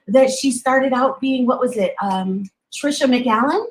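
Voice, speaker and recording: A woman hosting a casual stream, telling a gossip story in a rapid, insistent way and piling on details. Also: high voice, slight background noise, rough recording.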